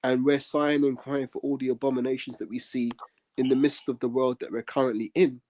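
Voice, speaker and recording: A man co-hosting a religious discussion, explaining scripture in an earnest, measured way with many pauses. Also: medium pitch, flat delivery, a little mellow.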